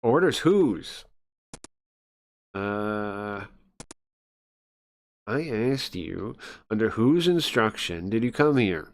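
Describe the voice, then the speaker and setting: A man voicing a hostile police inspector with a high-pitched, near hysterical voice, shouting at newcomers. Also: expressive, takes it slowly, pauses often. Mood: demanding. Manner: shouting, confrontational.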